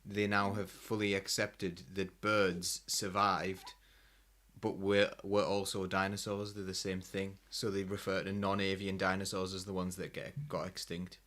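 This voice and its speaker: A man co-hosting a podcast in relaxed casual chat, rambling a little and sharing nerdy facts. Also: deep voice, unhurried. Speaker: podcast co-host.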